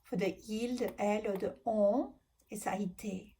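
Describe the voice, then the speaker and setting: A woman's voice: mid-range voice, fairly even intonation, moderate pace, warm tone, slightly rough. A woman teaching grammar in a recorded lesson, patiently walking through verb endings and spelling them out letter by letter. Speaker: French teacher.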